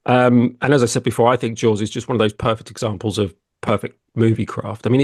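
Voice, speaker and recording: Friendly male host calling people mate, easygoing and even-pitched, dry recording. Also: no echo. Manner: friendly, relaxed, says mate. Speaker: podcast host. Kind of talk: casual interview chat.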